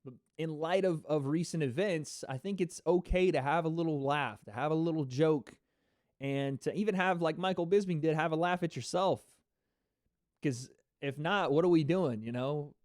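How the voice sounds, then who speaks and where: A man's voice: on the high side, moderate pace, darkish tone, dry recording, studio quality. A man hosting a casual livestream reaction, rambling loosely with laughs and the odd swear word.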